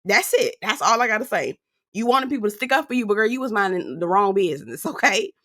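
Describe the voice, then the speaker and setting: A woman's voice: mid-range voice, lively intonation, fast talker, a bit bright. A woman giving casual commentary on a reality TV show, sassy and outspoken, talking straight to her viewers. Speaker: reality TV reviewer.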